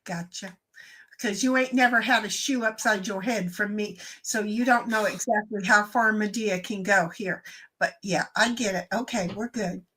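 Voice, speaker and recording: A woman hosting a casual live-stream chat, telling animated stories and acting out the other people in them. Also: mid-range voice, moderate pace. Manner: animated storyteller who acts out other voices. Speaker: stream host.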